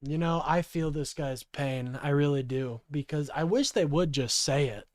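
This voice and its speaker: A man's voice: on the high side, normal speed, dry recording, clean studio sound. A man in his twenties giving profane, heated reaction commentary on a clip. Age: 20s. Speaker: political streamer.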